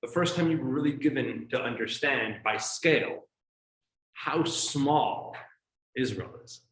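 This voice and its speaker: A man's voice: mid-range voice, unhurried, fairly bright tone, reverberant, rough recording. A man teaching an evening class as a rabbi, addressing his audience in a showman-like way and telling jokes.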